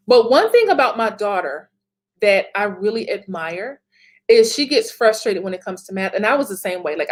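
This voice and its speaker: A woman in her thirties with a medium-pitched voice gives a motivational talk as a business coach. She's emphatic, repeats phrases, and laughs often.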